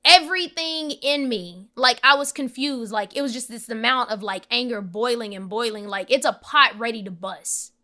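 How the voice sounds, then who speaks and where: A young woman, a podcast guest, telling an emotional personal story in an animated, emphatic way and acting out the voices of the people in it. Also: a little high, normal speed, few pauses.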